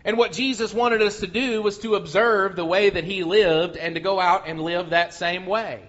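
A man preaching a sermon, slow and earnest, often restarting his words. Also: high-pitched, steady tone, a bit bright. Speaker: pastor. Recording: muffled lo-fi sound.

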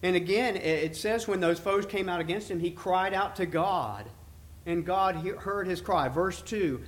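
A man preaching a sermon, reading scripture aloud slowly and with emphasis before explaining it. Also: high-pitched.

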